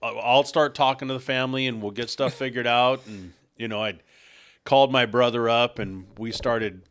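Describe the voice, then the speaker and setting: A man's voice: medium pitch, steady tone, moderate pace, a bit bright, smooth, no room sound, studio quality. A man co-hosting a casual podcast, telling a long rambling story and laughing at his own punchlines. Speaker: podcast co-host.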